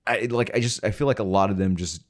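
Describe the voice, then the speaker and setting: A man's voice: lowish voice, fast. A man in casual film talk, hesitant with many fillers and restarts, blunt and profane.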